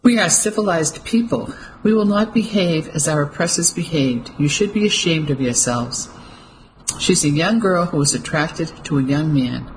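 A narrator voicing an indignant young husband who speaks firmly and forcefully. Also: medium pitch, animated, normal speed, slight background noise, lightly acted, low-quality recording. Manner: firm, forceful.

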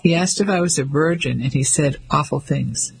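A man voicing a frightened seventeen-year-old French farm girl who speaks softly and pleads. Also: fairly high pitch, moderate pace, gravelly, husky, full character voice, poor audio. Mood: timid. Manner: soft, pleading.

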